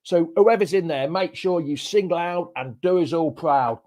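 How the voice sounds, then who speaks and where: A chatty man hosts a live fan chat show, full of matey banter. His voice sits a little high for a man, and he rattles along cheerfully. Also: unhurried, darkish tone. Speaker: host.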